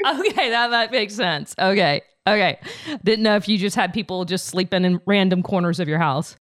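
A woman's voice: medium pitch, normal speed. A woman hosting a podcast interview over a video call, bubbly and curious, laughing along with her guest. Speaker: podcast host. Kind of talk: casual interview chat.

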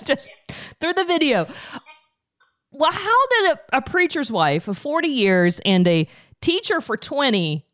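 Lively high-voiced woman podcast host. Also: a little slow. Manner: bubbly, laughs along, curious questions. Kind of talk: casual interview chat. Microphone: video call.

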